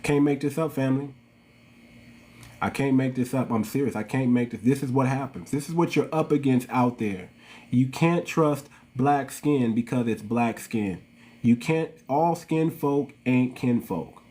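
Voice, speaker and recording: A man's voice: mid-range voice, measured pace, dark tone. A man with an African American English accent hosting a livestream, ranting to his viewers in a preachy, repetitive way and calling them family. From United States. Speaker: channel host.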